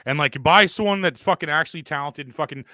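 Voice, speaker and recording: A brash man hosts a crude comedy podcast with a high, bright voice. He rants fast and profanely, mock-bragging at his listeners. The sound is close and dry. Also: no echo. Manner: loud, profane, mock-boastful ranting. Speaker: podcast host.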